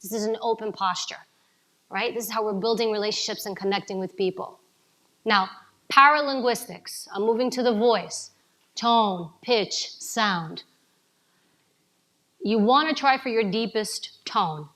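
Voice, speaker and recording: A woman from New giving an energetic coaching talk to a live audience, asking them questions. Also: mid-range voice, a little slow. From New York City. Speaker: speaker at a summit.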